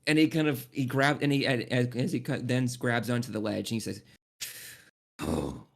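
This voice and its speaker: A man's voice: mid-range voice, fairly quick, vocal fry. A man running a tabletop game as game master, narrating loosely with many restarts and frequent laughter.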